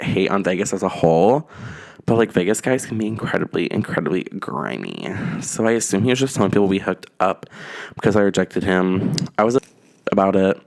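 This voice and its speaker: A man in whispered role-play, softly retelling a storytime in the first person. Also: fairly low pitch. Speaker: YouTuber.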